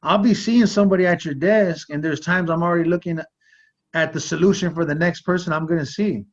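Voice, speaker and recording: A man's voice: a little high, steady tone, fairly quick. A man hosting a talk show, sharing a personal story in an earnest conversational way, with frequent "like" and "you know". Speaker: podcast host. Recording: slightly muffled audio.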